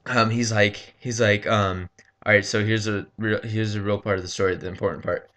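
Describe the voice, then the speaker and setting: A man casually telling a rambling story over gameplay, halting often with ums and likes and swearing freely. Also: fairly low pitch, steady tone, a bit bright. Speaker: gaming commentator.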